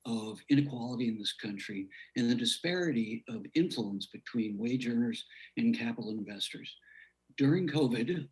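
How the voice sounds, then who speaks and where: A man serving as a congressman, questioning a witness at a hearing in a measured way, his phrases trailing off quietly. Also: medium pitch, rough recording.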